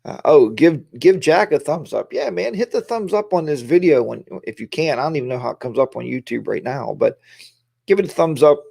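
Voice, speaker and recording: A man's voice: fairly high pitch, expressive, a little fast, vocal fry, mellow, breathy edge, no echo, clean studio sound. A tired middle-aged man hosting a casual live stream, rambling and greeting viewers by name.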